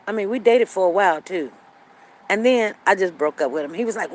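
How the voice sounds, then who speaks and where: A woman's voice: mid-range voice, lively intonation, a little fast, poor audio. A woman, hosting a show and telling a story to her viewers in a casual way, often repeating herself and acting out what others said. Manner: conversational, repeats herself, acts out quoted lines. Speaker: show host.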